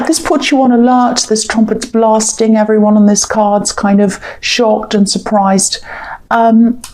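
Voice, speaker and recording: A woman's voice: a little high, darkish tone. Female tarot reader, casual and rambling, scratchy throat with recurring coughs. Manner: rambling and hedging, many "I think" and "um". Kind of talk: casual spoken tarot reading.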